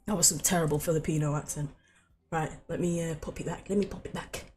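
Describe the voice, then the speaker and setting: A woman's voice: low-pitched, fairly even intonation, fast talker, warm tone, a little hiss or hum. A young woman chatting casually to her live-stream viewers, swearing freely and laughing easily. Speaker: game streamer.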